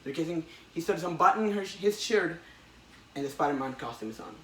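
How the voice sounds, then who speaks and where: A man hosting a casual comic-book chat podcast, excitedly retelling a story with many restarts. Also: on the high side, brisk, a little hiss or hum. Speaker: podcast host. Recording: echoey room, distant mic.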